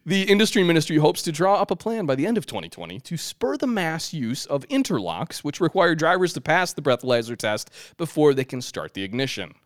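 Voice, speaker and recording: Man, podcast co-host, animated pitch, joking, agreeable, dry studio mic. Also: a little fast, hardly any pauses, dry recording. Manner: animated, joking, agreeable, reads news items aloud. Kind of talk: casual car talk chat.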